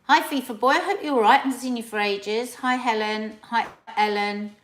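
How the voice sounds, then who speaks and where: A woman's voice: a little high, brisk. A woman hosting a live stream, chatting casually and reading viewer comments aloud with playful, exaggerated delivery. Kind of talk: casual chat.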